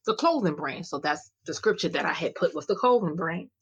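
A woman guest telling her faith story in an animated way, acting out the dialogue she recounts. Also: fairly low pitch, a little fast, lo-fi sound, a little hiss or hum. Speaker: guest, clothing line founder. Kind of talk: faith-filled personal testimony.

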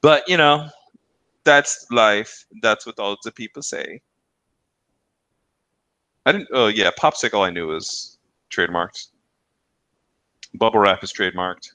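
A man's voice: lowish voice, measured pace, pauses often, sharp tone, no echo. A man co-hosting a podcast, chatting casually, rambling and swearing, laughing at his own jokes. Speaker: podcast co-host. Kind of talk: casual banter.

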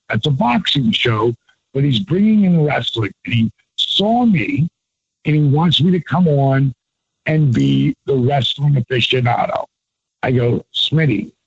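A man appearing as an interview guest tells a loose, profane story in a casual, animated way, shifting his voice to act out every quoted line. His medium-pitched voice has vocal fry and a breathy edge, and the recording is dull, lo-fi, and dry with no room sound.

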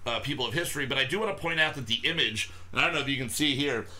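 A man's voice: mid-range voice, very fast, bright, forceful tone. Joking man hosting a beer podcast. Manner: loose, joking, swears freely. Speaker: podcast host reviewing beer. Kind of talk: casual chat.

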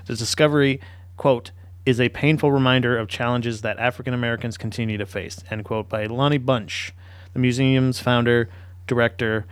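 A man's voice: medium pitch, no echo. A man hosting a podcast in casual chat, rambling with restarts and swearing freely. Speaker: podcast host.

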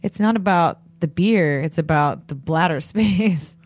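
A podcast co-host in casual chat, relaxed and chatty, laughing easily while telling stories. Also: medium pitch, unhurried.

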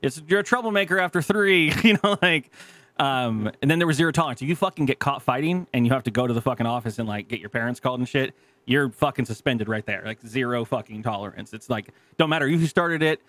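A man's voice: mid-range voice, quick pace, fairly bright tone, dry recording. A man in his thirties co-hosting a podcast, telling profane stories in casual chat, acting out quotes and laughing often. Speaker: podcast co-host.

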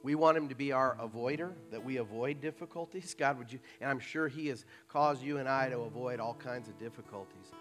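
A man preaching a sermon in a conversational way, dropping into soft mocking asides. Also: mid-range voice, a little fast, few pauses, soft background music. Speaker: pastor.

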